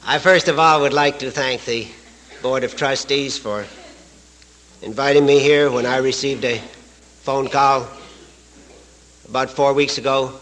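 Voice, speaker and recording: A man's voice: mid-range voice, a bit bright, low-quality recording. A man from Canada giving a folksy, joke-filled talk at a recovery retreat, chuckling at his own stories. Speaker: AA speaker. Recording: archival live talk recording.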